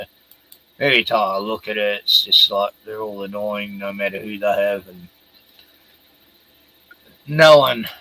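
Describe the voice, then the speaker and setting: A man's voice: fairly low pitch, sharp tone, low-quality recording. An Australian man co-hosting a podcast, reacting to a news clip in a rambling, sweary way and laughing often. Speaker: podcast co-host. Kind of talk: casual commentary on a news clip.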